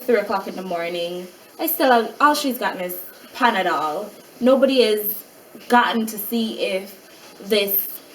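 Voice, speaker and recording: A mother in a casual vlog, retelling a hospital night in an animated way and acting out what other people said. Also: mid-range voice, recorded from a distance, a little hiss or hum, rough recording. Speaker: mother of a child with a rare syndrome.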